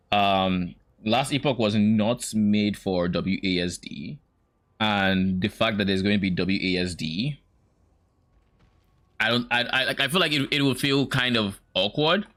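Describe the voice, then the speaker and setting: A man's voice: lowish voice, unhurried, a bit bright. A young man streaming, giving casual, opinionated reaction commentary with hesitant restarts.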